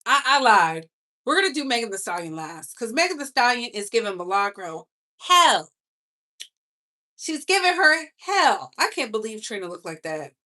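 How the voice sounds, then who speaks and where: A bright, sharp-toned woman talks celebrity gossip with a sassy, chatty delivery. Her voice sits a little high, and her carries the talk. She drags some words out slowly and rushes others. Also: sing-song. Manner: chatty, sassy, speeds up and slows down for emphasis. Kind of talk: casual live-stream chat.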